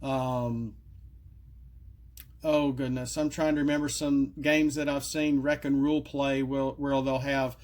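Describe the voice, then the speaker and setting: A man's voice: medium pitch, level tone, unhurried, darkish tone. A middle-aged man casually presenting homemade game cards, rambling with many fillers and asides, his voice cracking and coughing at times. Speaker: card game creator presenting custom cards. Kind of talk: casual solo video talk.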